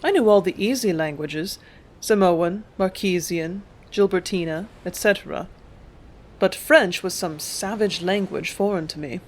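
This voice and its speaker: A narrator reading an old novel aloud in a steady, even storytelling manner. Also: medium pitch, a little slow. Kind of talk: audiobook reading.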